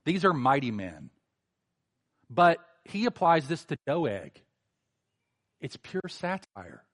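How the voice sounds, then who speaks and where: Animated male pastor preaching. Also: fairly high pitch, takes it slowly. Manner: animated, sarcastic mocking asides in preaching. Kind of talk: sermon.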